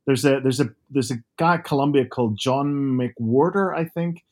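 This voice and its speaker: A man in his fifties from Northern Ireland with a softened Northern Irish accent, chatting as a guest author over a video call and telling lively, animated stories. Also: medium pitch, moderate pace. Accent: Northern Irish, softened by years abroad. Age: 50s. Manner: animated storyteller, lively asides.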